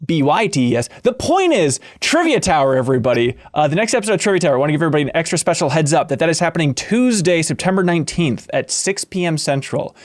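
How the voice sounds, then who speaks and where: A man hosting a podcast with a slightly high voice, upbeat and playful. He jokes around and breaks into sudden whoops. The sound is close and dry, with no room around it. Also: dry recording. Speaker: podcast host.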